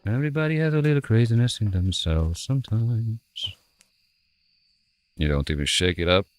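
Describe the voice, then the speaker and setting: A man's voice: lowish voice, expressive, normal speed, no room sound. A man giving casual gameplay commentary as a streamer, playful and self-mocking, muttering to himself as he plays. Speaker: streamer playing a ghost-hunting game. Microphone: headset.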